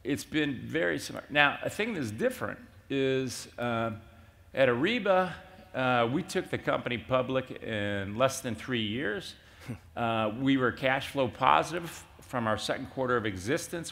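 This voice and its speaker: An older man, a company CEO, speaking at a conference fireside chat and telling animated stories with acted-out dialogue. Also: medium pitch, vocal fry. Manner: animated storyteller, acts out quoted dialogue. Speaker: CEO being interviewed. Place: conference stage.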